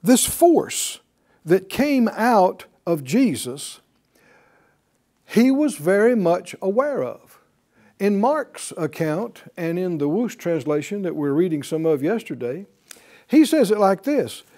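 A man's voice: high voice, very animated, takes it slowly, mellow. Guy teaching bible class like a sermon, voice swoops all over, keeps asking the class to answer back. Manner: emphatic, repeats key words, calls for responses. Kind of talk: preaching-style Bible class.

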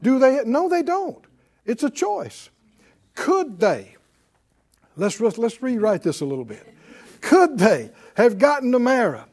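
A man's voice: very high voice, big pitch swings, moderate pace, darkish tone. A man teaching a Bible class in a folksy, emphatic way, leading call and response. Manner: folksy and emphatic, laughing often, acts out quotes.

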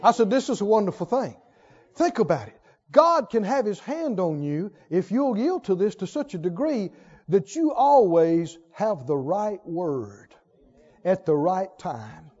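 Male pastor, high voice, animated sermon delivery with call-and-response, lo-fi church recording. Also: a little slow, slightly rough.

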